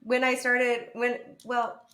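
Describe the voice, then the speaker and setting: A woman's voice: on the high side, completely flat delivery, slow pace, pushed and bright. A woman from a podcast crew, joining the chat casually with a wry, self-deprecating humor. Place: podcast studio.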